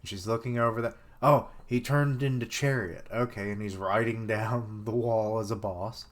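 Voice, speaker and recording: A man's voice: on the low side, steady tone, moderate pace. A man live-streaming his reaction to a manga chapter, reading lines aloud and joking, swearing and laughing at his own jokes.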